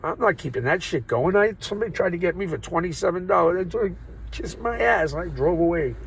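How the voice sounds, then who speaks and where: A man's voice: sits high, expressive, quick pace, vocal fry, a bit bright, slight background noise, poor audio. A man talking into his phone in a rambling, profane, joking monologue that keeps wandering off topic. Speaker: vlogger. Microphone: phone or camera mic.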